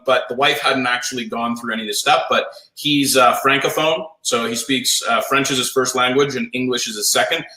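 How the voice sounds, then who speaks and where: A man coaching a live audience in a blunt, profane, rapid-fire pep talk. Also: mid-range voice, sharp tone. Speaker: sales coach. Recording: roomy echo.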